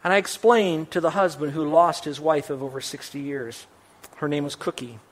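A pastor delivers a sermon in an animated, emphatic way, with a man's voice that sits a little high. He lifts his voice sharply on quoted lines and lowers it for dry asides to the people in front of him. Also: normal speed. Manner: emphatic and animated, voice rising on quotations; wry asides to the congregation.

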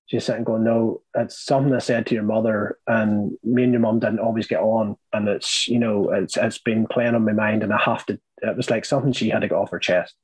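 A man's voice: on the low side, steady tone, brisk, hardly any pauses, slightly rough, dry recording, poor audio. A middle-aged man with a Northern Irish accent telling his life story in a rambling, candid way, full of fillers and blunt swearing. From Northern Ireland.

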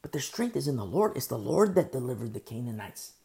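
Gravelly-voiced pastor with a sore throat. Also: male voice, mid-range voice, sing-song. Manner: swings between loud emphasis and soft, slow talk. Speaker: pastor teaching a Bible study. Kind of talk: conversational sermon-style Bible teaching.

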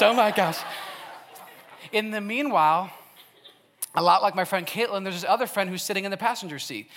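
Young male youth speaker from Wisconsin, bright and a bit high, casual storytelling sermon full of "like". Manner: casual and chatty, laughs often, heavy use of "like". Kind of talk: storytelling sermon to a live audience.

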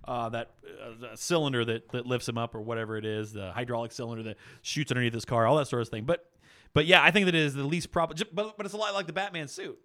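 A man with a bright, forward voice, talking loosely about films as a podcast co-host. He is animated, laughs often and restarts his sentences as he goes. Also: mid-range voice, fast. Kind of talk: casual movie chat.

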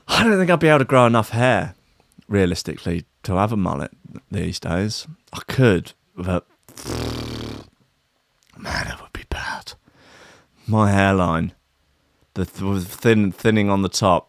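A man's voice: sits low, a little slow, creaky, no room sound, clean studio sound. A man, riffing sarcastically on an odd news story, swearing and rambling. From Australia. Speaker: comedy commentator. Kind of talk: sarcastic comedic news riff.

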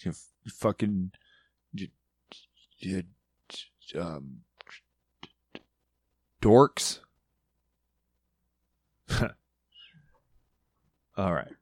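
A man rambling loudly on a casual podcast, swearing as he goes. His voice sits on the low side. The sound is dry and close. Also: animated, drawn-out words, long pauses, slightly rough, no room sound. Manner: loud, profane, rambling. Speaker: podcast guest. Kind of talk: casual monologue.

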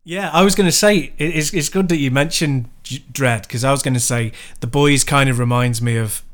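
A man's voice: mid-range voice, a little fast. A man reviewing a TV show in casual chat, self-correcting as he goes.

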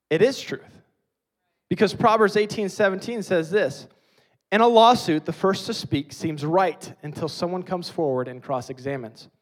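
A man preaching a sermon, emphatic, swinging between loud stressed phrases and quiet low passages.

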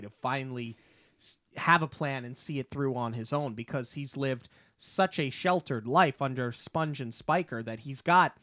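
Guy on a movie podcast, kinda high voice, dry close sound, gets really into retelling scenes. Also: dry recording. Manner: enthusiastic, animated retelling of scenes. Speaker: podcast co-host. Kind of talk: casual film discussion.

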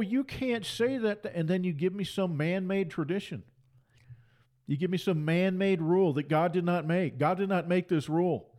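A man delivers a fiery sermon. His voice sits fairly high, and he drives each point home by repeating it with emphasis. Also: a little mellow. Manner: emphatic, repeats phrases for force. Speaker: preacher.

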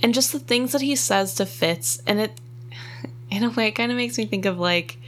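A woman's voice: medium pitch, moderate pace, a little hiss or hum. A woman co-hosting a casual book discussion, chatty and emotional, with frequent likes and ums. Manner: chatty, filler-heavy, emotional. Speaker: podcast co-host.

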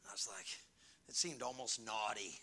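A man preaching a sermon, telling stories and swinging from hushed asides to near-shouting. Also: lowish voice, moderate pace. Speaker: pastor.

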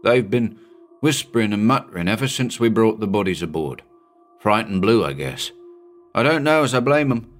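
A composed scientist at sea speaks grimly and deliberately, as a male reader puts him on. The voice sits low and measured, with faint music behind. It reads like a story audiobook. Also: expressive, lightly acted. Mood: uneasy. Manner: grim, measured and decisive. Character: cool-headed male scientist aboard a ship. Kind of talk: audiobook character reading.

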